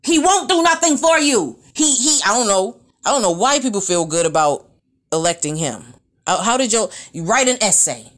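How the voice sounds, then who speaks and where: A woman, ranting bluntly and profanely in an animated, opinionated monologue. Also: medium pitch, moderate pace.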